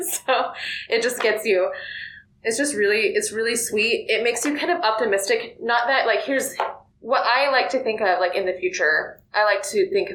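A woman's voice: mid-range voice, fairly bright tone. A woman chatting casually about a book she loved, gushing and full of fillers. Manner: gushing, filler-heavy, lots of "like". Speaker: book reviewer. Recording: roomy echo.

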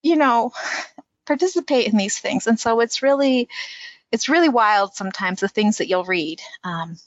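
A woman talking quickly and animatedly as a panelist in a discussion. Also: on the high side, lively intonation, dry recording. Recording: dull lo-fi audio.

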